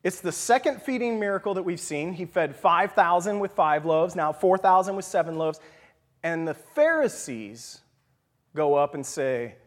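A man teaching scripture in a relaxed, conversational way, often checking in with "right?" and sometimes dropping to a whisper for emphasis. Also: high voice, normal speed. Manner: animated, leans on "right?" and "okay?". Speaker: Bible study teacher. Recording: long hall reverb.

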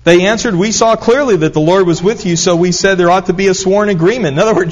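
Preaching man, raised pitch, lo-fi. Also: expressive, fast talker, hardly any pauses. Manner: storytelling, rising to emphatic repetition. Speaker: pastor. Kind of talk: sermon. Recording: dull lo-fi recording.

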